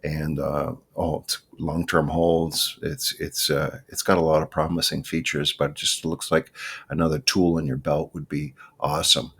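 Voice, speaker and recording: Very deep, gravelly-voiced man. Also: flat delivery, moderate pace, a bit bright. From Canada. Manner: rambling, with many fillers. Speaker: stock market show host. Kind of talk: casual market commentary over screen charts.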